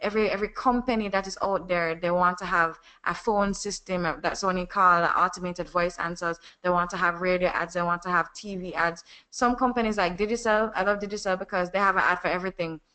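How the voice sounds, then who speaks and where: A woman with a Jamaican accent, a voiceover artist talking casually and animatedly about her work. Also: fairly low pitch. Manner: animated, quick chatty explanations. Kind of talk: casual conversation.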